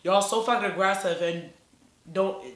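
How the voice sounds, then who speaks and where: A woman's voice: medium pitch, normal speed, fairly bright tone, roomy sound. A woman vlogger telling a story in casual chat, blunt and profane, rambling along as she goes.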